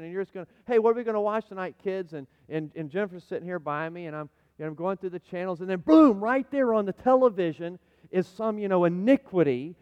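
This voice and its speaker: High-voiced man preaching a sermon. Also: clean tone, long reverb tail, highs cut off. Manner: storytelling, swings from hushed to near shouting; dramatic re-enactment of his own cries. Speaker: pastor.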